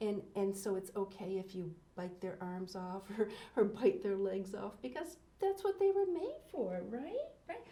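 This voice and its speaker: A woman presents a children's program, talking directly to young viewers with frequent delighted exclamations. Her voice is soft and mellow rather than bright. The studio has a noticeable roomy echo. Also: mid-range voice, lively intonation, normal speed, hardly any pauses, slight background noise. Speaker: children's show host.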